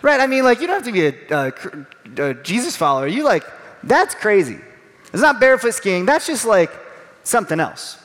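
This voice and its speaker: A male pastor giving a sermon in a conversational, animated way, acting out little voices as he tells the story. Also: high voice, moderate pace, long reverb tail.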